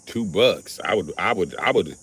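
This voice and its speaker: A man hosting a livestream, riffing through a crude comedic monologue and jumping into high put-on voices for quotes. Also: lively intonation, moderate pace, fairly bright tone, husky. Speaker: livestream host.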